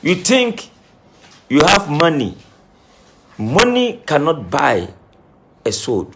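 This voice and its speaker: Emphatic man scolding in a lively voice. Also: a little high, takes it slowly, a little hiss or hum. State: says he is crying. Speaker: self-styled spiritualist. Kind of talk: impassioned monologue to camera.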